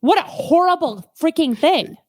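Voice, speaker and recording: A woman co-hosting a podcast in casual comedic chat, animated and jokey, acting out quotes. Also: very high voice, normal speed. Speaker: podcast co-host. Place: Chicago.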